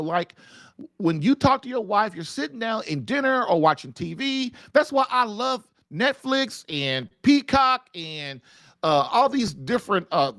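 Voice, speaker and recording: A man with a high, gravelly voice talks listeners through marriage advice. He leaps up and down in pitch as he coaches, and his folksy, emphatic delivery loops back on itself with lots of "like". The recording is dry and close. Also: fairly bright tone, no room sound. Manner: emphatic, folksy coaching, repeats himself and says "like" often. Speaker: host of a call-in marriage advice show. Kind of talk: animated advice monologue.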